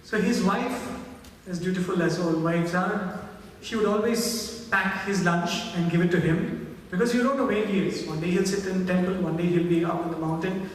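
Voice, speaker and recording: A man with a high voice gives a devotional talk and tells a story, often asking "right?" to check in with his audience. He speaks from far off in a large hall with a long, heavy echo, and a faint hum of noise sits behind him. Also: normal speed. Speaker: spiritual speaker.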